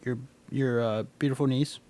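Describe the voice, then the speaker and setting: A man's voice: medium pitch, steady tone, moderate pace, warm tone. A man co-hosting a sports podcast, rambling and joking with many fillers. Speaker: podcast co-host. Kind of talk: casual chat.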